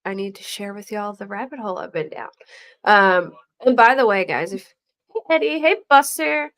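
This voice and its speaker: Middle-aged woman host, casual and animated, mid-range pitch, slips into quoted voices when telling a story. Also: normal speed. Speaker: true crime podcast host. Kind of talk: casual chat.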